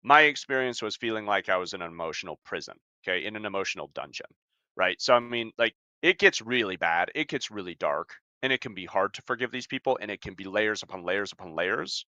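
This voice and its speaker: Blunt, forceful man swearing freely. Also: fairly low pitch, lively intonation, fast, no room sound. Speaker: podcast co-host and life coach. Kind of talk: casual podcast talk.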